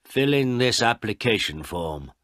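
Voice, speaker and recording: Curt desk official, brisk orders, dry close sound, played by a male narrator. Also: lowish voice, very animated, a bit bright, no room sound, voice pushed up. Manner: brisk and dismissive.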